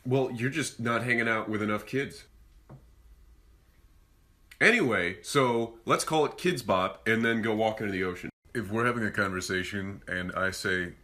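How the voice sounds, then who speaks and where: A man's voice: lowish voice, normal speed, sharp tone. A young man delivering a sarcastic, exasperated comedic rant and slipping into mocking voices. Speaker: comedy vine creator.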